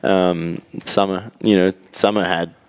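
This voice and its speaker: A man with an Australian accent talks in a casual interview, his voice sitting very low and unhurried. He rambles through stories in a laid-back way and laughs easily between thoughts. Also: steady tone, clean tone. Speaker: guest, pro racer.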